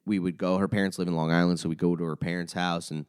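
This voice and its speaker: A young man and comedian chatting casually as a podcast guest, telling an animated story and swearing a lot. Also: sits low, fast talker, clear, resonant tone. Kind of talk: casual chat.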